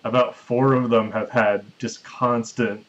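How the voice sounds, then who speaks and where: A man's voice: mid-range voice, flat delivery, measured pace, highs cut off. A man hosting a podcast, casually recapping a movie's plot at length with the odd chuckle. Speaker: podcast host recapping a film. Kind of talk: casual chat.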